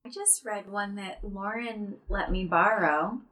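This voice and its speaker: A woman's voice: mid-range voice, unhurried, pushed and bright. An inquisitive woman chats casually in a book club. She asks questions and fills her talk with "like" and "um". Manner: inquisitive, frequent fillers. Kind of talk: casual chat.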